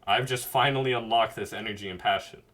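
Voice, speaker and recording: A man's voice: lowish voice, quick pace, fairly bright tone. A man streaming a casual, earnest and rambling monologue, reflecting on himself at his computer mic. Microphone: webcam mic at a computer.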